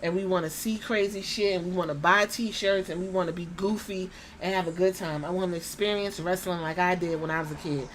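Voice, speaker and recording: A woman's voice: fairly low pitch, steady tone, a little fast, few pauses, slight background noise. A young adult woman hosting a podcast, ranting bluntly with profanity and slipping into mocking impressions. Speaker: podcast host. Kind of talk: casual opinion rant.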